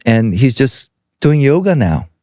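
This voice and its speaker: A middle-aged man spins a casual story on a podcast, his pitch rising and falling a lot as he acts out the other people in it. He speaks at a middle pitch, and the recording is dry and close, with no room sound. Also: very animated, a little slow, mellow, no echo. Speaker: podcast co-host.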